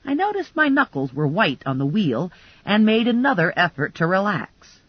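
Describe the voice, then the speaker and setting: A woman narrating a first-person crime comedy audiobook in a lively, wry storytelling manner. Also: medium pitch, moderate pace, husky, muffled recording.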